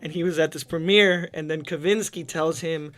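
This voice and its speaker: A man co-hosting a podcast, telling an animated anecdote in casual chat. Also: on the high side, normal speed. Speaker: podcast co-host. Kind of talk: casual storytelling.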